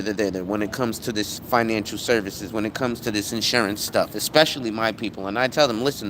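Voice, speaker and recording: A man hosting a casual live stream as an insurance agent, talking bluntly and profanely with animated storytelling. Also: medium pitch, a little hiss or hum.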